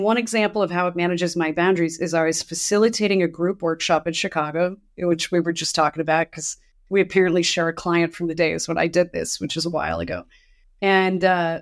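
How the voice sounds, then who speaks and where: Host, female, lower voice, chatty storyteller in relaxed conversation. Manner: chatty storyteller, acts out quoted exchanges. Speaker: podcast host. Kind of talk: casual conversational interview.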